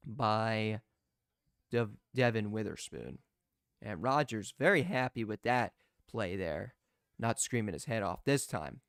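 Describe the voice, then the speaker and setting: A young man giving live play-by-play as a fan commentator, excitable and prone to restarting his sentences. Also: medium pitch, clear, resonant tone, no echo, studio quality. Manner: excitable, shouts in disbelief, repeats and restarts.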